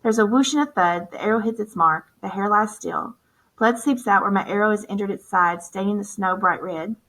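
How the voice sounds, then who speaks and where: A woman narrating a novel in the first person as an audiobook narrator, in a steady, measured storytelling voice. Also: mid-range voice, rough recording.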